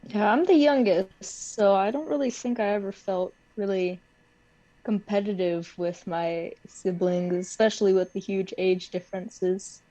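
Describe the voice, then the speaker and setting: A woman's voice: medium pitch, unhurried, dark tone, dry recording, highs cut off. A young woman co-hosting a podcast, chatting casually about her siblings and laughing as she tells stories. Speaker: podcast co-host. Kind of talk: casual conversational chat.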